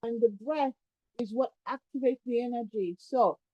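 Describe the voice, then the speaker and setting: A woman leads a yoga class with a high, light voice. She talks students calmly through each breath and movement while demonstrating. The sound is a little dull and lo-fi. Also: moderate pace. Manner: calm, step-by-step guiding, demonstrating while talking. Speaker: yoga teacher. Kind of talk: guided yoga class instruction.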